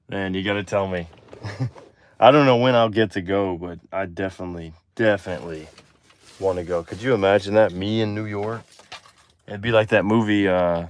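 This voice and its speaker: Deep-voiced man chatting on a livestream. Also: smooth. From Texas. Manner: relaxed, chatty, drifting from low mumbles to excited bursts. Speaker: livestream host. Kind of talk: casual livestream chat reading comments.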